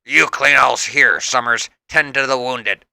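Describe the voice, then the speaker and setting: A man voicing a gruff, menacing veteran mutant fighter in a comic read-aloud, speaking in curt lines. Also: medium pitch, steady tone, a little slow, sharp tone, no echo, exaggerated voice.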